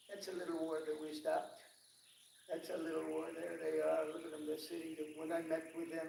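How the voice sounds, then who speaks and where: A man's voice: fairly high pitch, gravelly, a little hiss or hum. A man giving an off-the-cuff public speech to foreign dignitaries, rambling with repeated superlatives and ad-libbed asides. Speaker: head of state addressing foreign dignitaries. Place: large hall at a formal gathering. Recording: echoey hall picked up from a distance.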